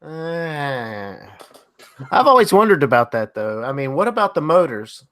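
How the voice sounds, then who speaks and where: North Carolina co-host, slightly high male voice, relaxed halting talk. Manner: hesitant, lots of fillers, easygoing. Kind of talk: live-stream chat.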